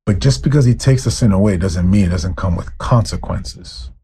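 A man's voice: sits low, moderate pace, mellow, a little hiss or hum. A man preaching as pastor, fervent and direct with his listeners, driving points home with repeated rhetorical questions. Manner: admits to ranting, addresses listeners directly. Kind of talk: sermon.

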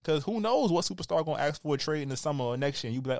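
Racing along in a higher-pitched voice with a New York accent, a man co-hosts a podcast and rants about basketball. His banter is animated, casual, profane and teasing, captured in a dry, studio-quality recording.

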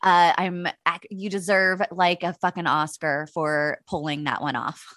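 A woman's voice: on the low side, measured pace, no echo, clean studio sound. A woman co-hosting a podcast, reading secrets and chatting casually, giggling and acting out quotes. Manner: giggly, lively, acts out quotes. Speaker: podcast co-host.

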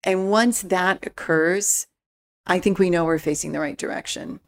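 A woman speaking as a spiritual mentor guest in a relaxed interview, calm and reflective with easy laughs. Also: lowish voice, moderate pace. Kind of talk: casual interview chat.

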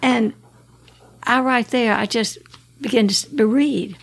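Speaking at a measured pace, an Alabama woman in her 80s gives her personal testimony in a somewhat high voice with a breathy edge. As a guest, she relates her life story earnestly, breaking into laughs and starting over at times.

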